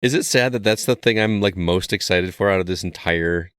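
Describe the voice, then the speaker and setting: A man's voice: low-pitched, a little fast, fairly bright tone. A man co-hosting a gaming podcast, steering the casual chat in an easygoing way. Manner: easygoing, leads the talk. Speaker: podcast co-host.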